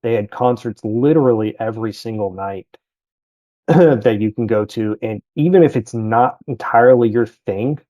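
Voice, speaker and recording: A man's voice: mid-range voice, normal speed, mellow, dry recording, dull audio. A man, chatting casually as a podcast guest about his travels, rambling and correcting himself as he goes.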